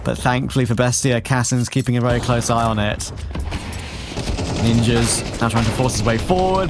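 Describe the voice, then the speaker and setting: A male esports caster giving conversational commentary that climbs with excitement on big plays. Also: mid-range voice, brisk, background noise. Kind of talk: color commentary.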